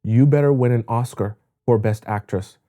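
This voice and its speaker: A man's voice: medium pitch, moderate pace, mellow. A man giving dating advice in an emphatic coaching monologue, repeating words for stress.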